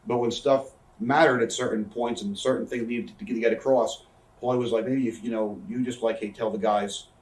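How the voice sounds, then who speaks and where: A man in a candid interview, telling backstage stories in a rapid, profane way and acting out what others said. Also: medium pitch, fairly even intonation, darkish tone. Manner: rapid, profane, acts out quoted voices. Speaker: interview guest, former wrestler. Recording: echoey room, somewhat far from mic.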